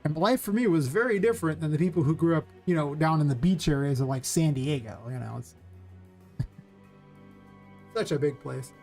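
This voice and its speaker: A man from California with a Californian accent, chatting casually and rambling quickly while streaming game development. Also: on the high side, a little mellow, faint music behind. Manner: fast, rambling talker.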